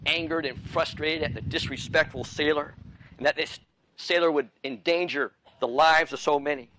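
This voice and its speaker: A man's voice: on the high side, steady tone, normal speed, a bit bright, poor audio. A middle-aged man preaching a sermon as pastor, earnest, with repeated phrases and frequent restarts.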